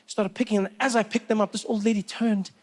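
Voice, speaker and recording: A man with a South African accent performing a stand-up comedy set, telling animated stories with lots of repetition. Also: high voice, a little fast.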